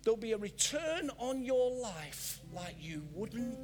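Older guy preaching in church, high voice, gets loud then goes soft and slow. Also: over music. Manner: animated, swings between loud emphasis and soft, drawn-out phrases. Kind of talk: sermon.

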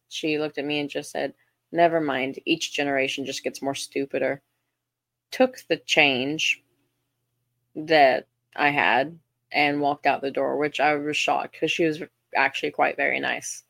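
A young Southern woman talks through her podcast in a loose, self-deprecating way, tripping over her words and filling gaps with ums. Her voice sits a little low, with a gravelly fry running through it. The sound is close and dry, with no room around it. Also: steady tone, a little slow, a bit bright, no echo. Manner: chatty, self-deprecating, frequent restarts and ums. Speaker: podcast host. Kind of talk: casual storytelling monologue.

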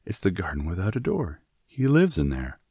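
A man's voice: low-pitched, huge pitch swings, normal speed, warm tone, husky, no room sound, studio quality, full character voice. A man voicing a lonely, prim little girl with clipped, precise speech in a storybook reading. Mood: wondering.

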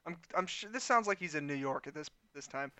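A man in casual chat, improvising a comic story, giggling often and jumping into quick character voices. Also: a little high, expressive, pushed and bright, clear, resonant tone, no room sound.

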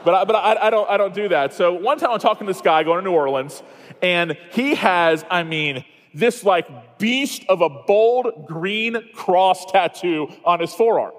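A man from Iowa speaking at a conference, telling a self-mocking story that turns into a sermon, with quick asides and restarts. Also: high voice, animated, big-room sound. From Iowa, USA.

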